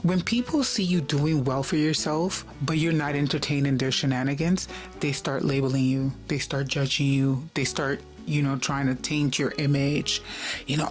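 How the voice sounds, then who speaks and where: A woman's voice: low voice, steady tone, normal speed, soft background music. A woman hosting a reaction video, commenting with indignation and rhetorical questions.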